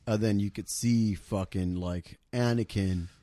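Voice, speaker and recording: A man's voice: fairly low pitch, fairly even intonation, unhurried, dark tone, no echo. A man hosting a casual podcast chat over drinks, rambling with plenty of swearing, fillers and restarts. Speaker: podcast host.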